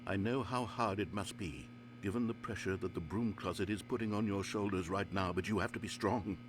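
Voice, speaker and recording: A man's voice: low voice, a little fast, music in the background, close to an everyday voice. An actor playing a wry male game narrator who coaxes and teases the player in a dry, theatrical manner. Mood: earnest. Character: wry male narrator of a game, middle-aged, dryly commanding.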